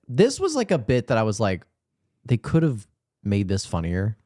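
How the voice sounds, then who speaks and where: A man's voice: sits low, no echo, studio quality. A man co-hosting a movie podcast, animatedly retelling scenes in casual chat. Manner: animated retelling, slips into quick voices. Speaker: podcast co-host reviewing a movie.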